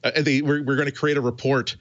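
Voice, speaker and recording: A man's voice: mid-range voice, flat delivery, quick pace, fairly bright tone, no echo, muffled recording. A man on a podcast panel in casual tech chat, rambling and stumbling over his words with many restarts.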